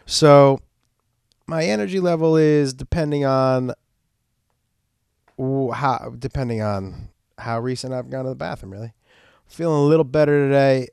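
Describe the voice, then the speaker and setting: Smooth-voiced man, crude casual humor. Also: mid-range voice, normal speed, pauses often, darkish tone, no room sound, studio quality. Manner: candid, crude, rambling humor. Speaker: podcast host. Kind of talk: casual monologue.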